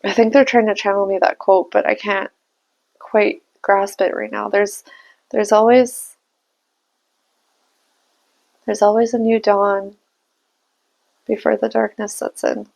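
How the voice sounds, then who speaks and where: A woman's voice: medium pitch, steady tone, slow pace, vocal fry, long pauses, a little mellow, rough recording. A young adult woman giving a casual spiritual tarot reading, musing aloud and laughing at herself. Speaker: tarot reader and channeler.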